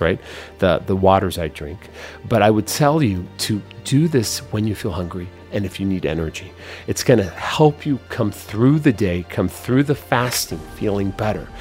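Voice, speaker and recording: A man hosting a health show, coaching listeners with energetic motivational talk and leading them through repeated affirmations. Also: on the low side.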